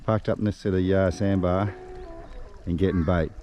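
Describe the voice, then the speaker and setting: With a deep, mellow, steady voice at normal speed, an Australian man films himself on a river fishing boat, casually telling a rambling story at his own expense and laughing frequently. Slight background noise is present.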